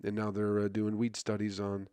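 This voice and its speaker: A man's voice: fairly low pitch, monotone, normal speed, warm tone, clean tone, no room sound. A male comedian hosting his own podcast, rambling in a crude, self-mocking casual monologue full of fillers and stumbles. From USA.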